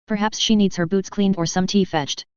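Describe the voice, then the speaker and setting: A woman voicing an angry, sharp-tongued noblewoman with an icy, cutting manner, in a dull, dry lo-fi recording. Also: mid-range voice, steady tone, moderate pace, clear, resonant tone, no echo, lightly acted.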